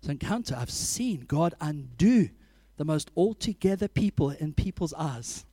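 A man preaching a sermon, telling animated stories, laughing often and acting out scenes. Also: a little high, unhurried, no echo.

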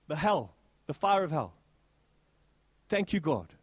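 A man preaching a sermon in church, animated and exclaiming, with sweeping swings in pitch. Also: takes it slowly, long pauses, husky, no echo. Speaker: pastor.

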